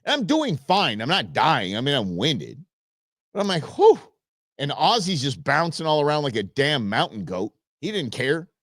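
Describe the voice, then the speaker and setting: A man's voice: mid-range voice, normal speed, no echo, clean studio sound. A man in his fifties, a show host, telling a funny personal story in a casual, joking way and acting out the back-and-forth he had with someone. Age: 50s. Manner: animated, joking, acts out quoted exchanges.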